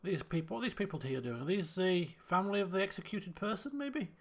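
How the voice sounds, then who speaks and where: A man's voice: sits high, animated, quick pace. A man streaming a detective game, thinking aloud and muttering to himself as he works through clues. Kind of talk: let's play commentary.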